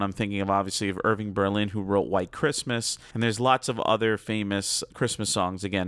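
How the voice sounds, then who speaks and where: A man's voice: fairly low pitch, a bit bright, no echo, clean studio sound. A man, a guest on a cartoon review talk, reading background notes aloud and breaking in with chatty asides.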